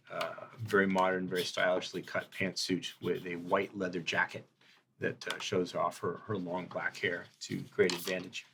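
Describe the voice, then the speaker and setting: A man running a tabletop role-playing game as game master, setting scenes in measured descriptive narration. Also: low voice, fairly bright tone, slight background noise.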